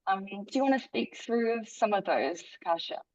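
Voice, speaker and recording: A woman hosting an online book talk as interviewer, friendly and relaxed, with frequent fillers, speaking over a video call. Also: mid-range voice, moderate pace, dull audio. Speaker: interviewer, event host.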